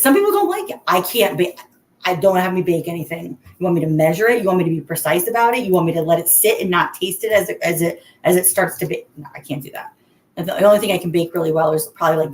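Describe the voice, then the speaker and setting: A chatty middle-aged woman talks to her viewers in a casual live stream from home. Her voice sits a little low, and the room around her echoes. She laughs easily and calls people by name.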